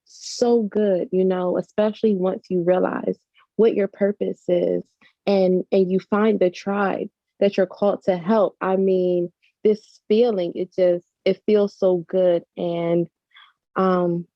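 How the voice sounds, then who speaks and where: A woman's voice: lowish voice, fairly even intonation, slow pace, dry recording. A woman, an author and mother, speaking earnestly and emotionally as an interview guest, restarting her sentences often. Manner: earnest, effusive, full of "like" and restarts. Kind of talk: heartfelt conversational interview. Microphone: video call. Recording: dull lo-fi video call audio.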